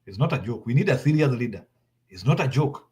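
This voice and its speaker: A man's voice: mid-range voice, expressive, brisk, darkish tone. A man with a Kenyan accent making heated political commentary, slipping into Swahili and hammering his points home through repetition. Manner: insistent, repeats points, switches into Swahili.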